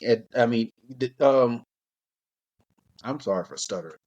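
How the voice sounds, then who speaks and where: A man's voice: medium pitch, animated, measured pace, a little mellow, highs cut off. Young guy just chatting on a podcast, laid back, rambles a lot, laughs here and there. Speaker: podcast co-host. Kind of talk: casual chat.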